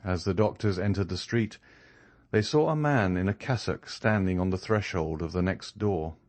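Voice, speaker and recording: A man narrating a classic novel audiobook in a measured, even reading. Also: low-pitched. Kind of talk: scripted narration.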